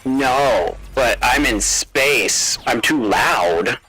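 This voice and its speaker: A man's voice: medium pitch, expressive, extremely slow, bright, forceful tone, rough recording. A man streaming a game, talking through a spaceman voice-changer filter, puzzled and complaining. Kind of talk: casual live-stream chat.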